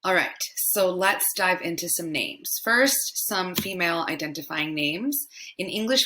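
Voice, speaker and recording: Slow, bright-voiced woman teaching pronunciation. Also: on the low side. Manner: repeats each word slowly several times. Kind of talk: slow, repetitive language lesson.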